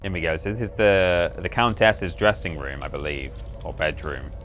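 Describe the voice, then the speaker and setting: A man's voice: sits low, moderate pace, fairly bright tone. Chatty man streaming a game. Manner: chatty, amused, rambling, self-correcting. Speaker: livestream host playing a game. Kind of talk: casual gameplay commentary. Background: faint game music.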